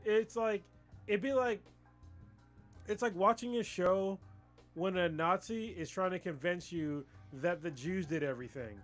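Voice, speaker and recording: A man with a high voice co-hosts a casual livestream chat about anime. He rants with excitable, profane energy and laughs often. Faint music plays behind him. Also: a little slow. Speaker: livestream co-host.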